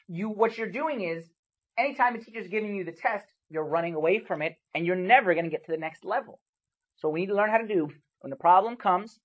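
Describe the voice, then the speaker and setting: A husky-voiced man delivers a sermon, his storytelling animated, jumping from loud, punchy exclamations to low asides. The recording is dull and lo-fi. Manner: animated storytelling with sharp swings in loudness. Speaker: preacher.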